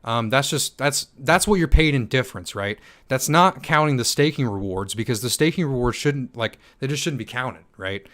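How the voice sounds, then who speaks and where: A young man hosting a livestream Q&A, reading chat comments aloud and answering in a hyped, fast manner with many ums and restarts. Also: mid-range voice, lively intonation, a bit bright. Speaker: stake pool operator and channel host.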